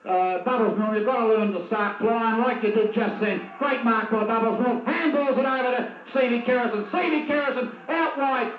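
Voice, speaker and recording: Australian male footy commentator, very high voice, excitable and biased, on a lo-fi, roomy 1980s tape. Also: moderate pace, few pauses, a little hiss or hum. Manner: openly biased, excitable, chatty. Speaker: match commentator. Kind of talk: live football commentary. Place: at a football ground. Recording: tinny, echoey 1980s video tape.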